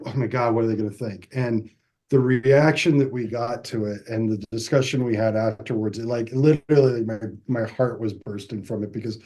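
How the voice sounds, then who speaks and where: A filmmaker being interviewed, telling stories in a casual, animated way with frequent restarts. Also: male voice, mid-range voice. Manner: animated storyteller, restarts often, acts out quotes. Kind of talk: casual interview over video call.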